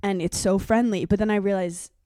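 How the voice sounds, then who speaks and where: A woman's voice: mid-range voice, a little fast, dry recording. Young woman, podcast co-host, casual storytelling, dry close mic. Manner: animated storyteller, acts out voices.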